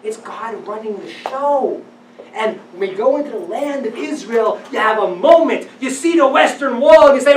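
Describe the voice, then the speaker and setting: A man teaching as a rabbi, giving a lecture on religious texts to a live audience. He speaks with animated emphasis, dropping to hushed tones and then rising to loud declarations. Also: very high-pitched, moderate pace. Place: event hall with audience. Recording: roomy, distant live-event recording.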